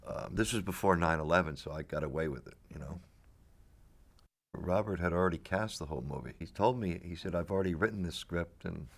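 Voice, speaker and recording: A middle-aged actor being interviewed, his voice low and rough with a gravelly edge. He rambles through stories with restarts and chuckles. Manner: rambling storyteller with restarts and laughs. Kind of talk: casual anecdotal interview.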